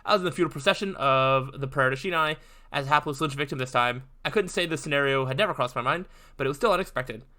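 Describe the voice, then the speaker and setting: A man playing a visual novel, reading its text aloud with commentary, quick and full of "uh" fillers. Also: medium pitch. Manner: fast, animated reading with frequent "uh" fillers. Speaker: gaming video host.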